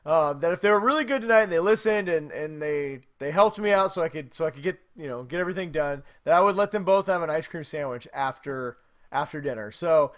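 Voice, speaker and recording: A man in his thirties co-hosts a laid-back podcast, his voice sitting notably high. He tells stories with plenty of animation and breaks into laughter often. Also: expressive, a little fast. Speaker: podcast co-host. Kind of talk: casual chat.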